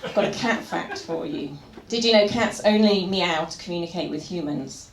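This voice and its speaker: A woman performing stand-up live, with a wry, pun-loaded delivery and plenty of chat with the crowd. Her voice carries through a roomy venue, and a clear murmur of the audience sits behind it. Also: lowish voice, normal speed. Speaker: stand-up comedian. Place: comedy venue stage. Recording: echoey venue with crowd noise.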